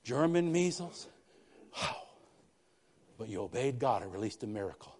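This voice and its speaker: A man as a pastor preaching an emphatic sermon, repeating phrases and swinging between quiet and loud. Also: mid-range voice, big pitch swings, moderate pace, long pauses.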